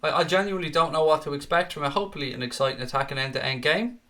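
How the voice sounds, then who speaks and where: A man's voice: fairly high pitch, racing, sharp tone. A young man hosting a live football watchalong, chatting casually and matily as he reads out viewer comments. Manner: chatty and matey, often calls viewers "mate". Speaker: fan watchalong host.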